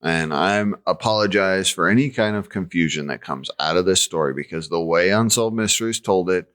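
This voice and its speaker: A man's voice: low voice, normal speed, fairly bright tone. A man co-hosting a podcast, chatting casually and teasing, often restarting his sentences. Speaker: podcast co-host. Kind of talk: casual chat.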